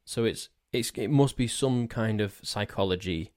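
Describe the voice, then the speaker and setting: A man talks alone into a desk mic for his podcast, his voice sitting a touch low. He rambles along in a jokey, self-mocking way and keeps tripping over his own words. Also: moderate pace, a little mellow. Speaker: podcast host. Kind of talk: casual solo podcast monologue. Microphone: desk mic on a stand.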